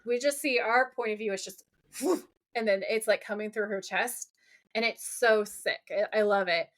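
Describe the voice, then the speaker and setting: Excited 40s woman podcast cohost gushing over an episode, kinda high voice, swears a bit. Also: moderate pace. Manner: enthusiastic, gushing, swears casually. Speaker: podcast co-host. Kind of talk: casual chat recapping a TV episode.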